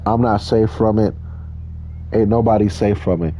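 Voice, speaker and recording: A man's voice: on the low side, fairly even intonation, moderate pace, warm tone, a little hiss or hum. A man from California, a drift driver, telling rambling, profane stories in casual chat while gaming.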